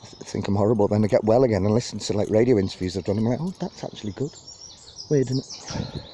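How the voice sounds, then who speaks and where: A man's voice: on the low side, racing, warm tone. Chatty man on a park walk. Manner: rambling, chatty, self-deprecating. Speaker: vlogger giving a walking tour. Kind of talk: casual walking commentary. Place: outdoors in a city park. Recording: outdoor wind and birdsong noise.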